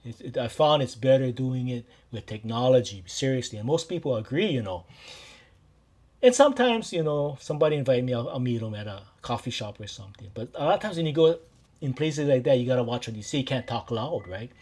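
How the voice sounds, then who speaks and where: A man's voice: medium pitch, lively intonation, fairly quick. A man from Maui with a Hawaiian Pidgin-tinged accent, a life coach talking casually and directly to his listeners. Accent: Hawaiian Pidgin-tinged English. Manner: warm, repetitive, addresses listeners directly. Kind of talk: casual direct-to-camera talk.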